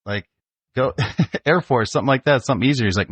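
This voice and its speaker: A man's voice: medium pitch, brisk, slightly rough, dry recording. A man, hosting a casual podcast chat and telling family stories, laughing often. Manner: chatty storyteller, laughs often. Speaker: podcast host, father.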